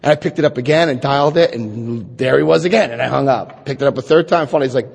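A middle-aged man giving a personal testimony talk to an audience, an animated storyteller who acts out quotes and adds wry asides. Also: mid-range voice, quick pace, vocal fry, few pauses, husky. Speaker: speaker telling his recovery story. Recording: echoey hall.

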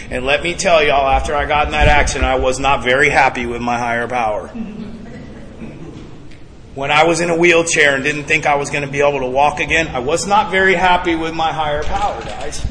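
A man with a slightly high voice gives an earnest, emphatic testimony to a meeting crowd, often turning to them as guys. His voice rings through a large, reverberant hall with room ambience clearly behind him. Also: noisy background. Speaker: speaker sharing his recovery story at a twelve-step meeting. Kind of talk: personal testimony to a live group. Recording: echoey hall with background ambience.

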